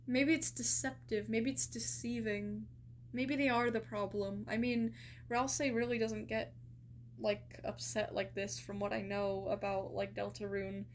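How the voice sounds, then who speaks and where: A woman's voice: medium pitch, level tone, measured pace, slight background noise. A young woman streaming live, chatting casually with lots of fillers and incredulous reactions.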